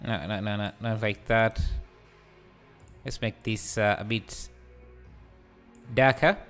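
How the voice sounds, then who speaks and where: A man hosting a live software tutorial, hesitant and full of fillers, laughing easily as he reads the chat. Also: fairly low pitch, fairly even intonation, slow, faint music behind. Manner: hesitant, many fillers and restarts. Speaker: livestreaming 3D tutor. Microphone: headset.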